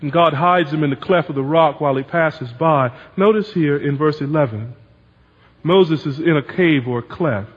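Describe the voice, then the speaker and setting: A man preaching a sermon as pastor, animated, acting out the voices he quotes. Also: on the high side, normal speed, breathy edge, in a large hall, lo-fi sound.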